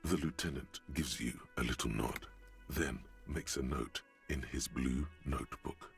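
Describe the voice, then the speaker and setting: An actor playing a solemn male narrator in a video game, describing the scene in a measured way. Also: rumbling low, vocal fry, soft background music, heavily acted. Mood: grave.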